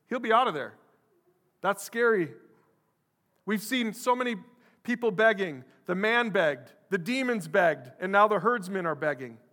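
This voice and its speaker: A man preaches in a lively, animated way, slipping into quoted voices as he goes. His voice sits a little high and sounds sharp and bright. A long reverb from a large church hall trails after every word. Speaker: pastor. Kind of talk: sermon.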